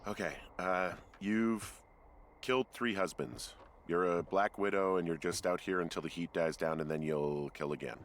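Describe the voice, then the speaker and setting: A man voices a tired, dry-humored fire lookout in a video game. His voice sits low and even, delivering sarcastic lines flatly. He sounds worn out and unimpressed. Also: normal speed, a little hiss or hum, close to an everyday voice. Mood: weary dry. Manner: deadpan, sarcastic.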